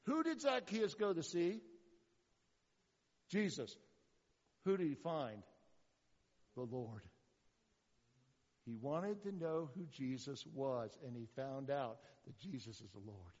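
A man preaching a sermon as pastor, animated, with rhetorical questions and sarcastic asides. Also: mid-range voice, slow pace, pauses often, in a large hall, dull audio.

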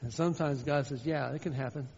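A man preaching a sermon as a pastor, shifting from loud fervent calls to quiet personal storytelling. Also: medium pitch, steady tone, quick pace, creaky, breathy edge. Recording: dull sound with long hall reverb.

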